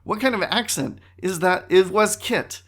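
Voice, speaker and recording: A middle-aged man hosting his own podcast, riffing in a wry, animated way and often stopping to restart his sentences. His voice sits slightly high for a man and sounds bright and forward. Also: a little slow. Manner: animated, wry, self-interrupting. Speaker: podcast host. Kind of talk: casual solo podcast talk.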